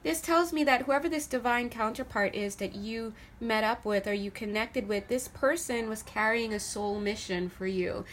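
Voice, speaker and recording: Woman tarot reader, chatty and animated, fairly high voice, faint room ambience behind her. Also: moderate pace, hardly any pauses, a little hiss or hum. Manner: chatty, animated, laughs often, swears then apologizes. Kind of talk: casual spiritual tarot reading to camera.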